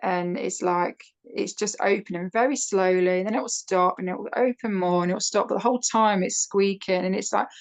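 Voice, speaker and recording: A middle-aged woman, chatty and animated, telling a personal story as a podcast guest. Her pitch sits in the middle of the female range, and she rushes and slows as the story builds. She is heard over a video call. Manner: chatty, animated when quoting others. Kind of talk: casual storytelling interview.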